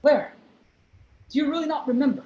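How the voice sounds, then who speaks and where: A woman's voice: sits high, fairly even intonation, fairly quick, dark tone, echoey room, dull audio, natural voice. A woman voicing a limping, lisping masked man who urgently pleads and whispers, in a live play reading over a video call. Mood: evasive. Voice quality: lisp.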